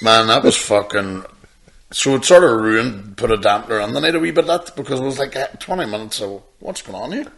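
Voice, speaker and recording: A man, co-hosting a podcast and telling a story in an exasperated, animated way with plenty of swearing. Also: medium pitch, fairly quick, creaky. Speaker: podcast co-host. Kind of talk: casual chat.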